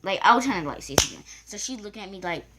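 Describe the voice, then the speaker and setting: Woman vlogger rambling thru a storytime, doing everyone's voices, middle pitch. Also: expressive, racing, noisy background. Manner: rambling, acts out quoted voices. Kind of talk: casual storytime.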